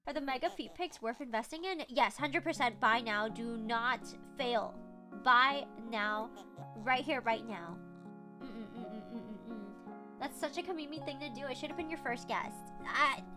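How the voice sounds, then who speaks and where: Bubbly high-voiced young woman streamer. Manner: bubbly, giggly, self-promoting. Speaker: livestreamer. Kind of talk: casual stream chat. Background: background music.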